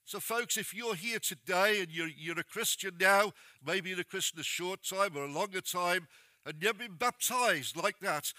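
A man preaches a sermon in a high, very bright and ringing voice. He is plain-spoken and direct as he urges his listeners on. The sound is close and dry. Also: no echo.

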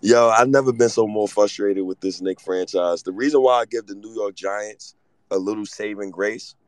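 A man's voice: lowish voice, no echo, rough recording. A man in his thirties, hosting a casual sports talk show and ranting with lots of profanity. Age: 30s. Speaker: host.

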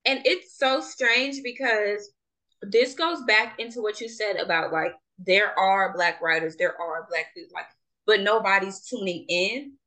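A woman's voice: medium pitch, measured pace. A young woman from Jamaica co-hosting a podcast, chatting casually and animatedly, often laughing as she talks. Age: young adult. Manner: animated, laughs while talking. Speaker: podcast co-host. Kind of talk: casual chat.

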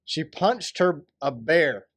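A man co-hosting a podcast, his voice a bit on the high side as he banters and laughs with his partner. He talks loosely and easily. The sound is dry and close-miked. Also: lively intonation, slow, a bit bright, dry recording. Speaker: podcast co-host. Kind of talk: casual joking chat.

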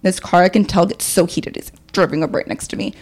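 A woman's voice: fairly low pitch, brisk. A young woman co-hosting a podcast, telling stories in casual chat and reading listener emails aloud. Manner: animated storyteller, reads listener emails aloud. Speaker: podcast co-host.

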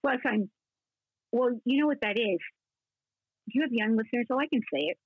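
A woman in her sixties, a guest actress telling rambling, animated stories in a casual interview, full of restarts. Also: on the high side, brisk, dry recording. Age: 60s. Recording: husky voice over a tinny phone line.

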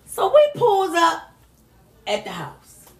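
A woman telling an emotional family story in a lively, animated way, acting out the other people's lines. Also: very high-pitched, slow pace, reverberant. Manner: lively, animated retelling with voiced quotes. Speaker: mother telling her story.

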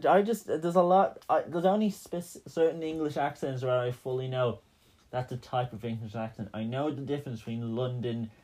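A man of middle pitch co-hosting a casual podcast, recapping a film scene by scene. He rambles and jokes, filling his talk with "um"s and restarts. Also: a little fast, mellow. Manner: joking, rambling, full of fillers. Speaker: podcast co-host.

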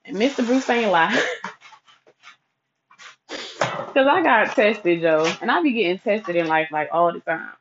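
A woman's voice: mid-range voice, expressive, measured pace, pauses often, noisy background. A woman casually telling a personal story, chatty and profane, with asides to her listeners. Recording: dull lo-fi recording.

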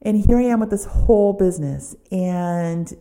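Middle-aged woman from socal, low gravelly voice, chatty storytelling with lots of "like". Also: moderate pace. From Southern California. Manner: animated, chatty, says "like" a lot. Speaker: podcast host. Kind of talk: personal storytelling.

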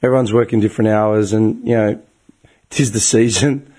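A man's voice: on the low side, moderate pace. A young Australian man telling a long, profane and exasperated story in casual talk, his voice getting tired and strained. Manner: profane, exasperated storytelling with bursts of animated outrage. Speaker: group chat regular.

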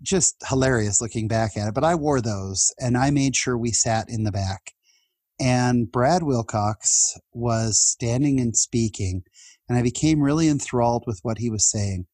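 A husky-voiced man in his fifties tells personal stories as a podcast guest. He speaks in a heartfelt, chatty way and often starts his sentences over. The sound is close and dry, with no room echo. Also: mid-range voice, a little slow, darkish tone. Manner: heartfelt and chatty, with laughs and restarts. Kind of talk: personal storytelling in an interview.

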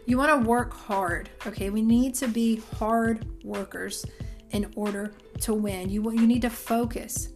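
A woman's voice: fairly high pitch, steady tone, a little slow, darkish tone, faint music behind. A woman in her thirties giving an emphatic, preachy Christian motivational talk, speaking straight to her listeners. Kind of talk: casual motivational talk to camera.

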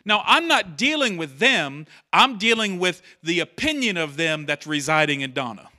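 A pastor preaches in church with a bright, forceful, fairly high voice at a moderate pace. Very animated and conversational, he repeats key phrases and acts out quotes.

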